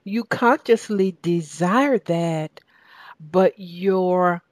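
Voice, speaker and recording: Slow low-voiced Southern woman preaching. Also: darkish tone, no room sound. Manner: emphatic, repeats phrases and questions the audience. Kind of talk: sermon.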